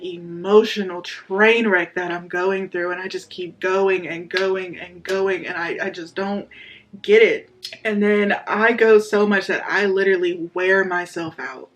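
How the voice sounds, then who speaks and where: A man's voice: sits high, a little slow. A man telling his personal faith story in a candid, casual way, his voice rising sharply when he acts out his own pleading. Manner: candid, animated, voice rises sharply when reenacting pleas. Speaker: vlogger sharing a faith testimony.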